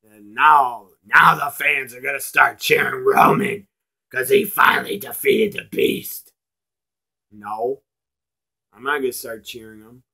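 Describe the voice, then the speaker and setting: A man ranting in a blunt, profane video review, slowing down to stress his points. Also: mid-range voice, fairly even intonation, gravelly, pushed and bright. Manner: emphatic, slows down to stress points.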